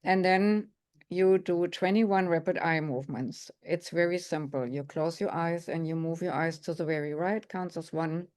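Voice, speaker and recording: A middle-aged woman, a psychic consultant, calmly explaining spiritual exercises step by step. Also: on the low side, normal speed. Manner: calm, instructive, explains step by step. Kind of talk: guided spiritual instruction.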